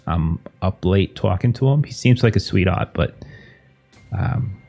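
A man's voice: low-pitched, animated, a little slow, vocal fry, a little mellow, slightly rough, soft background music, exaggerated voice. A man voicing a fussy, passive-aggressive middle-aged aunt on the phone in a tabletop game. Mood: judgmental.

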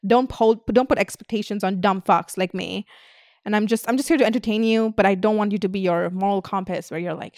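A woman vlogger talking straight to her audience in a loose, unscripted rant. She swears freely and is blunt, and she keeps jumping into mocking voices of the people who criticize her. Her voice sits at a middle pitch, and the sound is dry and close with no room echo. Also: a little fast, a little mellow. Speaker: internet influencer. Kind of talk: casual vlog rant.

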